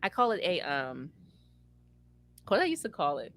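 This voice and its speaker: Lady with a low bright voice telling a story, lively, does all the voices. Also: normal speed. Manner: animated, acts out quoted voices, laughs often. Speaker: former campus advisor. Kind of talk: casual storytelling chat.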